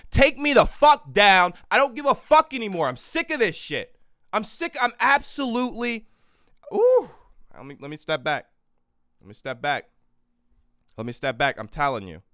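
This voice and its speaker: A man's voice: on the high side, fairly bright tone, clean tone, no echo, clean studio sound. A man hosting a live podcast in a heated rant, fiery and profane, repeating phrases for emphasis into his microphone. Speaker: livestream podcast host. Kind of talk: heated political livestream rant. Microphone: microphone he yells at.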